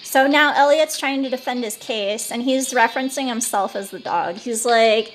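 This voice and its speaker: A woman's voice: on the high side, moderate pace, hardly any pauses, faint music behind. A woman in casual let's play commentary, chatty and full of "like", retelling the game's story. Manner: chatty, says "like" a lot, laughs. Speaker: let's play host translating a game.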